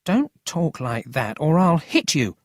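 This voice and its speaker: A narrator voicing a quick-tempered, earnest country boy in a storybook reading. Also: mid-range voice, very animated, dry recording, studio quality, voice pushed up.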